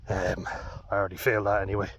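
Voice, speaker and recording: A man's voice: deep voice, flat delivery, fast talker, background noise. Blunt, swearing man. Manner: blunt, heavy swearing, raw and frank. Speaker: vlogger. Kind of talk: candid storytelling to camera.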